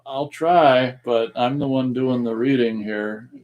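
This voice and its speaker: A man of ordinary pitch co-hosting a relaxed live stream. He reads out viewers' comments and laughs easily between them. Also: slow pace. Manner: reads chat comments aloud, chuckling. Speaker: co-host. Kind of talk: casual live-stream radio chat.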